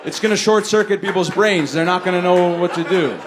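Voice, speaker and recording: A man doing a stand-up set on a comedy stage, talking in a laid-back way and jumping high and loud when he acts out other people. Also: fairly quick, crowd noise. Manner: laid-back delivery, jumps high and loud for acted quotes. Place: comedy stage before a laughing audience.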